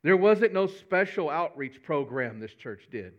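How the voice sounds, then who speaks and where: A man's voice: on the high side, very animated, measured pace, muffled recording. A man, a pastor giving a folksy, conversational sermon with humor.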